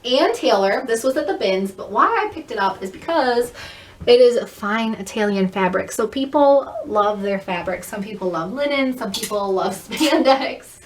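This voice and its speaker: A woman chatting quickly and upbeat as she shows off a thrift haul in a casual vlog. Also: a little high, lively intonation. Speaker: thrift reseller vlogger. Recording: echoey room, mic at a distance.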